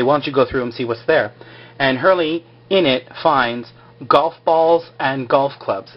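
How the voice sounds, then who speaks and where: A man's voice: medium pitch, lo-fi sound. A man casually recapping a show over his drawings, rambling and filler-heavy.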